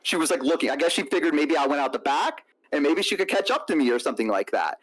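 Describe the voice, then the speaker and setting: A young man telling a story on a stream in a casual, animated way, acting out what other people said. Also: fairly high pitch, quick pace. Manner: animated storytelling, acts out quotes. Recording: crunchy lo-fi mic.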